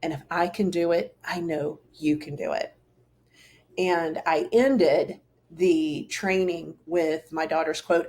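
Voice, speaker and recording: A woman's voice: low-pitched, steady tone, slow pace, darkish tone. A middle-aged woman hosting her own show, talking earnestly and casually to camera, rambling with fillers and restarts. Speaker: host. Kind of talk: casual solo talk to camera.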